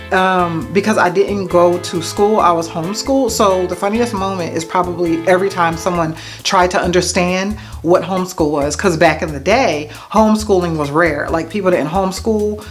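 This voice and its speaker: Low-voiced chatty woman vlogger. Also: moderate pace, faint music behind. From United States. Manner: chatty, self-mocking, asides to viewers. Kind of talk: casual to-camera Q&A tag video.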